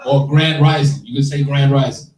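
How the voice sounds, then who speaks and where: A man in his thirties doing a stand-up set, animated and slangy, chatting with the audience. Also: medium pitch, normal speed, a crowd in the background. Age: 30s. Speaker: stand-up comedian. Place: live comedy show room. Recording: echoey room, mic from far off.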